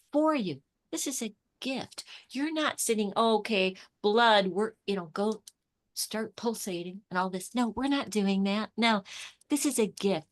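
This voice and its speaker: A middle-aged woman, an author and intuition coach, chatting in an interview and acting out the conversations she tells about. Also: medium pitch. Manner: enthusiastic storyteller, acts out quoted exchanges, repeats and restarts words. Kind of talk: casual spiritual interview chat.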